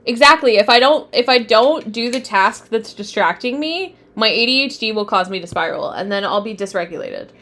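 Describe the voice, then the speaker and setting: A woman's voice: on the high side, animated, moderate pace, hardly any pauses, a bit bright. Chatty, easily sidetracked young woman. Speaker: tarot teacher streaming live. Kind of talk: casual live-stream lesson.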